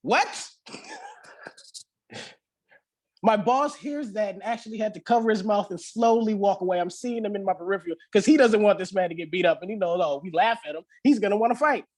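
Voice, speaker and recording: A man giving a guest sermon at a church service, telling stories with lively acted-out quotes and dropping into soft, slow reflection. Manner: animated storytelling with acted-out quotes; slows to soft, low-voiced reflection. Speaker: guest speaker.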